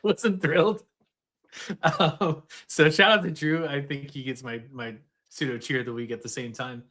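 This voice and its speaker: A man's voice: medium pitch, normal speed. Chill guy on a beer podcast, talks loose with lots of uhs. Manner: relaxed, lots of fillers. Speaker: podcast co-host. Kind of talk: casual sports chat over beers.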